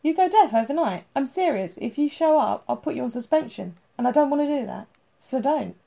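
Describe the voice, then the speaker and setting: A woman plays a blunt, gruff male police chief giving firm orders. His talk is commanding, with a gravelly, mellow tone. It comes as an audiobook reading. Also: a little high, a little fast.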